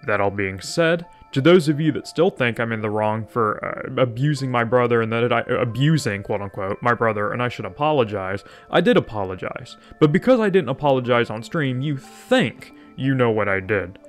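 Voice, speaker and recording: A man's voice: mid-range voice, expressive, moderate pace, hardly any pauses. Guy on stream, defiant and sarcastic, faint music behind.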